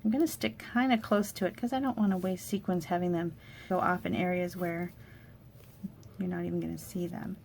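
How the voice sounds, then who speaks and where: A woman's voice: fairly low pitch, fairly even intonation, fairly quick, creaky, darkish tone, slight background noise. A woman demonstrating a paper craft project, chatting in an upbeat way as she walks through supplies and steps. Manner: upbeat, chatty product walkthrough. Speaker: card-making demonstrator. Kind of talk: casual crafting tutorial.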